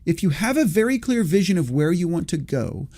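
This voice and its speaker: Male podcast host, 40s, slightly high, mellow voice, rambling reflective delivery. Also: big pitch swings, fairly quick. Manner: rambling, self-correcting, thinking aloud. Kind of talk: reflective solo podcast talk.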